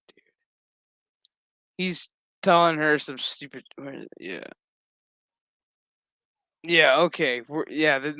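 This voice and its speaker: A man's voice: a little high, pushed and bright, smooth, no echo. A man giving a loose, profane, rambling recap of a TV episode, full of fillers. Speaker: TV episode reviewer.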